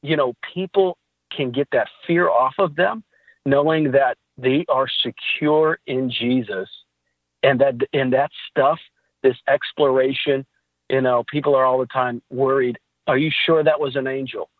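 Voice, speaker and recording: A man tells faith stories in a relaxed, animated way, laughing as he goes. His voice is somewhat husky, and it comes through a narrow, tinny, phone-like line. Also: mid-range voice, a little slow, no echo. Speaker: podcast guest. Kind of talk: casual faith talk.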